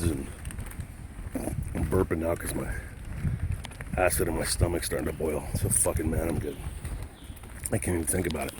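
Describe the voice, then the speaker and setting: A man's voice: a bass voice, fairly even intonation, moderate pace, pauses often, background noise. A man vlogging outdoors, ranting angrily and profanely in a rambling, casual way. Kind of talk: casual rant to camera.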